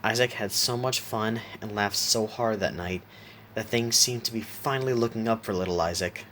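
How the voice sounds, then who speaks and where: A man reads a horror story aloud in a low, steady voice, sometimes stopping to correct himself. A faint hiss sits behind the voice. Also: moderate pace. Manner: steady reading with small self-corrections. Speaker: narrator.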